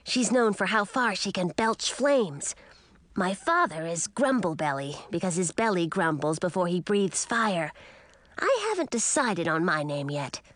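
A woman's voice: fairly low pitch, very animated, a little slow, a bit bright, no room sound. A woman voicing a young, friendly, talkative male dragon in a storybook reading. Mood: earnest.

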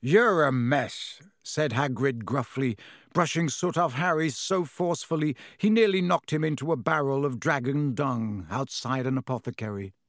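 A man's voice: medium pitch, no room sound. Man narrating a storybook, dry sound. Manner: measured storytelling. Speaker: audiobook narrator. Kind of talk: scripted narration.

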